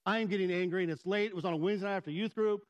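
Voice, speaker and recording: A man's voice: high-pitched, steady tone, racing, highs cut off. A middle-aged man preaching a sermon, telling a personal story and acting out the voices and inner dialogue of the people in it. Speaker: pastor.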